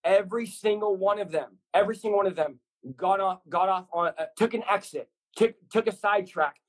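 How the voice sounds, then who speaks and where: A man's voice: sits high, fairly quick, slightly rough, poor audio. A man speaking as a guest on a podcast, preaching with intensity in short, repeated punchy lines. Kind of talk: fervent preaching in a podcast conversation.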